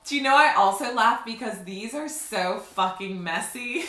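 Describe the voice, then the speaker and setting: A woman giving a slow, reflective spiritual teaching in a vlog, sometimes laughing at herself. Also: mid-range voice, expressive, a bit bright. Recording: roomy echo.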